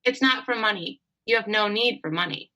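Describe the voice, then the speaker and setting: A woman's voice: mid-range voice, brisk, natural voice, rough recording. A woman reading a shy, brilliant young man. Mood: guarded. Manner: reads quietly, without any accent. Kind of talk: reading her own fiction aloud.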